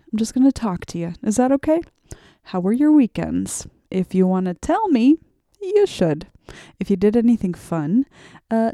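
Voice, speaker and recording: A woman's voice: mid-range voice, dark tone, no echo, clean studio sound. A woman in her late thirties from Arkansas, chatting casually and upbeat on her solo podcast, talking straight to her listeners. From Arkansas, USA. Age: late 30s. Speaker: podcast host.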